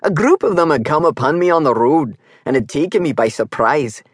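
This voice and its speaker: A narrator voicing a young Highland warrior with a Scottish accent, blunt and wry. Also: male voice, animated, brisk, husky, dry recording, studio quality. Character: gruff brawny Highland warrior, young man.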